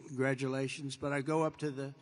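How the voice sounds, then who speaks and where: Talking fast in a level, mid-range voice, an older American president delivers a meandering, improvised speech to troops at a big air base venue. His story is packed with repeated superlatives and acted-out dialogue, and long hall reverb fills the recording.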